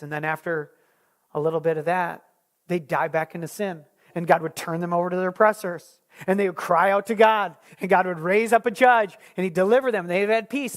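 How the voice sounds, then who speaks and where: A Bible study teacher leading a small group lesson, retelling scripture in a conversational way, often restarting words. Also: mid-range voice.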